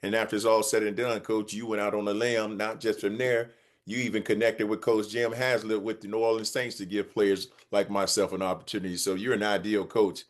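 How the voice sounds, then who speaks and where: Enthusiastic low-voiced man hosting. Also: level tone, brisk. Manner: enthusiastic, affirming, addresses guest respectfully. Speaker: podcast host. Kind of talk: interview chat.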